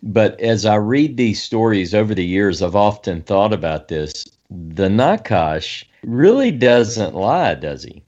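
A low-voiced man raises points in a halting way, with many fillers and restarts as he works toward a verse. The sound is slightly dull, as if from a lo-fi recording. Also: lively intonation, darkish tone. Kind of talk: conversational scripture discussion.

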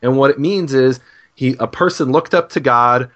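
Over dull, lo-fi podcast audio, a man who co-hosts as a Bible scholar earnestly talks through scripture, often starting his sentences over. He speaks at a moderate pace in a mid-range, fairly bright voice.

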